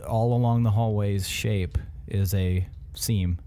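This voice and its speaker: A man narrating as dungeon master of a tabletop game, describing scenes slowly, with filler words. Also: lowish voice, fairly even intonation, dark tone, a little hiss or hum.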